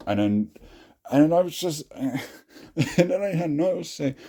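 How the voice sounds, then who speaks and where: A man's voice: mid-range voice, lively intonation, unhurried, dark tone. A young adult man hosting a casual talk, cringing at his own old writing, swearing often and laughing at himself. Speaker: host.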